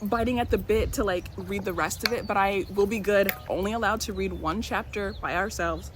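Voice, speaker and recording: A woman talking casually in a reading vlog, chatty and expressive, with plenty of fillers and restarts. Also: mid-range voice, a little fast, soft background music. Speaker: book vlogger.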